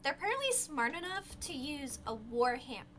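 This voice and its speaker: A woman playing a tabletop game, excitable and stammering over her words. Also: high voice, normal speed, slight background noise. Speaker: player.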